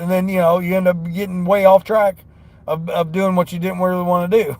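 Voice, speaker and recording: Brief: gravelly, slightly high-voiced man, rambling motivational talk from his car. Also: fairly even intonation, fairly quick, darkish tone. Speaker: delivery driver vlogger. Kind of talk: casual talk while driving.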